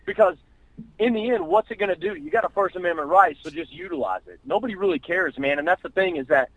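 A man's voice: high-pitched, sing-song, quick pace, gravelly, dry recording, poor audio. A man co-hosting a call-in show, talking in a profane, pep-talk bluster. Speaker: radio show co-host.

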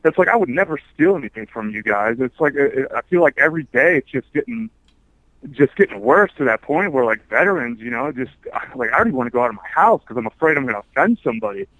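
Male veteran caller, quick and rambling, mid-pitched, dry sound. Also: very animated, a bit bright, no room sound, low-quality recording. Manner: rambling, aggrieved storytelling. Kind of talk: call-in to a radio show.

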